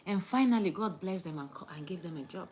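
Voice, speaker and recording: A young woman, lecturing viewers in a casual chat to camera and swinging between loud outbursts and hushed asides. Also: on the low side, expressive, quick pace, a little hiss or hum. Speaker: vlogger.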